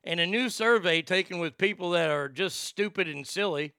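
A male talk show host rants sarcastically, swearing freely as he mocks the news. His voice is bright and gravelly yet smooth, recorded dry and close. He sits a little higher than most men. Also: moderate pace, no room sound. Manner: profane, sarcastic ranting. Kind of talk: comedic talk show rant.

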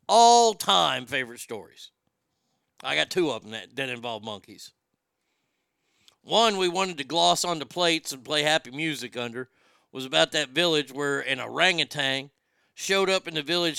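A man's voice: a little high, vocal fry, bright, forceful tone, clean tone, no room sound, clean studio sound. A man, telling blunt, profane comic stories in a casual chat. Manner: profane, blunt, drawling storyteller. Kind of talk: casual comedic storytelling.

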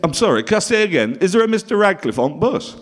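A bluff, booming middle-aged holiday camp host from Bolton, as a man puts him on in a stand-up story. His Bolton accent stays broad, his pitch rides high and lively, and his cheer never lets up. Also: fast. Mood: insistent.

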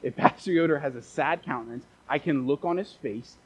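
A man's voice: fairly high pitch, brisk, husky, highs cut off. A man preaching a casual, conversational sermon as a pastor, repeating phrases for emphasis and dropping joking asides.

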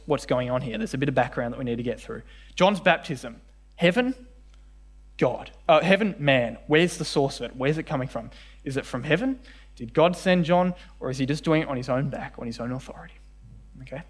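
A man preaching to a church congregation, his voice sitting a little higher than most men's. He is animated and talks straight to the people in front of him, and he slips into acted voices whenever he retells a scene. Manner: animated, acts out voices in quoted dialogue. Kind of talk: sermon.

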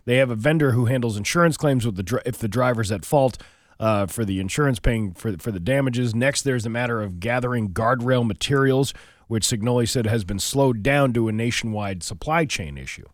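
A man's voice: medium pitch, a little fast, no echo, studio quality. A middle-aged man co-hosting a morning radio show, telling stories in a rambling way full of fillers. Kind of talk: casual radio banter. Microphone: studio mic.

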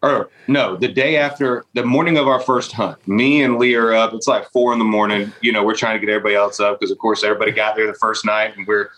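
A man's voice: lowish voice, steady tone, fast talker, few pauses, a bit bright. A man in casual chat telling a rambling story and laughing as he goes.

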